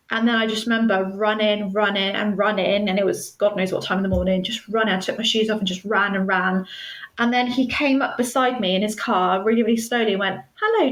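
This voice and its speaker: A woman speaks as an interview guest, recounting her own story in an earnest, measured way. Her voice sits at a middle pitch for a woman. The recording carries the echo of a roomy space. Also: a bit bright. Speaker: guest, stalking survivor. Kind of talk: personal storytelling in a podcast interview.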